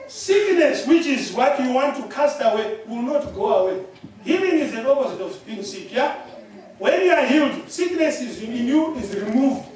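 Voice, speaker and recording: A man from Zimbabwe delivers a sermon in an unusually high voice, rising into shouts and breaking into laughter as he checks in with listeners. The sound rings through a very reverberant church hall, picked up from some distance away. His style is emphatic and lively. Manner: emphatic, often shouting, with laughter and repeated "yeah?". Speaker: preacher.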